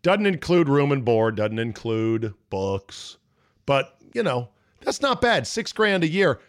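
A man's voice: medium pitch, very animated, slow pace, clean tone. Brash, profane man riffing on sports. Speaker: sports talk show host. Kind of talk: casual sports talk.

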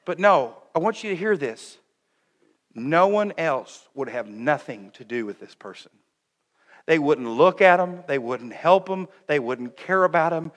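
A man's voice: on the high side, expressive, measured pace, fairly bright tone, in a large hall. A young man preaching a sermon as pastor, earnest and intent, breaking into joking asides about his family. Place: church sanctuary.

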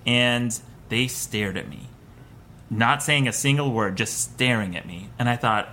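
A man's voice: medium pitch, a little slow, a little hiss or hum. A man and guest comedian telling a self-mocking comic story on a podcast. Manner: animated, self-mocking, laughs mid-story.

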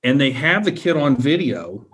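A man's voice: mid-range voice, sing-song, moderate pace, a bit bright. Earnest man retelling a frightening encounter. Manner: repetitive, keeps checking in with the listener. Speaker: guest telling a personal encounter. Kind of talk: earnest first-person storytelling.

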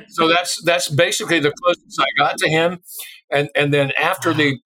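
A man's voice: a little high, normal speed, rough recording. A middle-aged man from Illinois, a drummer, telling a casual anecdote in an interview and acting out the voices of people in it. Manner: lively storyteller who acts out quoted voices.

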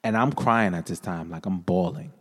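A man tells his life story as a podcast guest, earnest and conversational, circling back on his own words. His voice sits fairly low. The room rings with a long, echoing reverb. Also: normal speed, fairly bright tone. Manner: earnest storytelling with many repeated phrases. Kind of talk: personal testimony in casual conversation.

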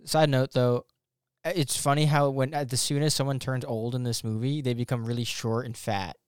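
A man co-hosting a film podcast chats in a relaxed, offhand way, laughing often and trailing off before he finishes a thought. His mid-pitched voice is smooth and clear, and the sound is dry and close. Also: normal speed, dry recording. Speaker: podcast co-host. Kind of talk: casual chat, film review.

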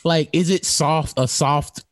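A man co-hosting a casual sports talk show, telling stories in an animated way and laughing often. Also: a little high, takes it slowly, dry recording, clean studio sound.

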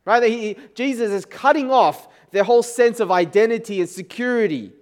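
A man's voice: very high voice, moderate pace. A man preaching a sermon as pastor, talking to the congregation in a conversational, joking way. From Chinese background.

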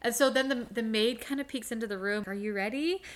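A young woman on a book podcast, retelling a novel's plot in a gushing, emotional way, full of "like". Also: fairly high pitch. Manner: gushing, emotional, quick, with filler "like". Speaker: book club podcast host. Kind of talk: casual chat retelling a novel.

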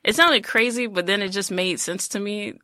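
A man hosting a podcast, asking questions in a relaxed, casual way with lots of "like" fillers. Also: high-pitched, normal speed, no echo. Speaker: podcast host. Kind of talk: casual interview chat.

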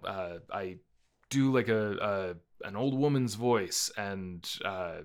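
A young man with a fairly low voice talks loosely about a film he saw. He rambles and reaches for fillers, and he laughs easily as he goes. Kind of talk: casual movie review chat.

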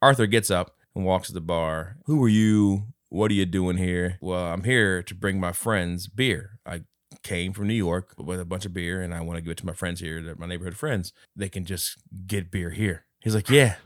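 A man's voice: low-pitched, moderate pace, a bit bright, no echo, clean studio sound. A man co-hosting a movie review podcast, teasing his co-host and retelling scenes in casual, profane chat.

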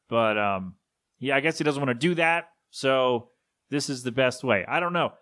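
A man hosting a solo podcast, talking casually and with strong opinions, often correcting himself and sometimes slipping into a gruff put-on voice for quick impressions. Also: mid-range voice, fairly bright tone. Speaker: podcast host. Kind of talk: solo rambling podcast talk.

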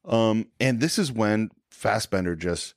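Male podcast co-host, low register, very animated, dry close mic, casual scene recap. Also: unhurried, vocal fry, no room sound. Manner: animated retelling of scenes, acting out quotes. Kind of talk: casual film discussion.

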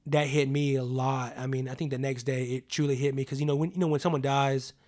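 A man's voice: mid-range voice, level tone, fast talker, darkish tone. Earnest young man telling stories. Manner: earnest, heavy use of "like" and "you know what I mean". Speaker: podcast guest. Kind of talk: casual personal storytelling.

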